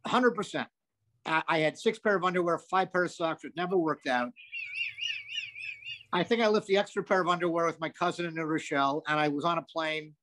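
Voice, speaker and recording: An older man, a comedian guest, telling animated anecdotes with lots of asides and some swearing. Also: a little high, a little fast. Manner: animated, profane, rambling with asides. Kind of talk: anecdotal storytelling.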